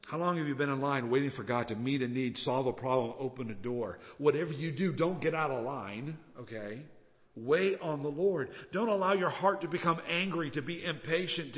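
Male preacher, storytelling sermon style, higher-pitched voice, lo-fi hall recording. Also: moderate pace. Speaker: pastor. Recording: dull sound with long reverb.

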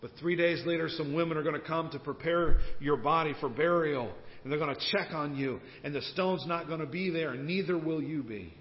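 A man's voice: fairly high pitch, fairly quick, hardly any pauses, natural voice. A male pastor voicing God the Father as a solemn, tender father speaking to his son. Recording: dull sound with long church hall reverb and faint noise.

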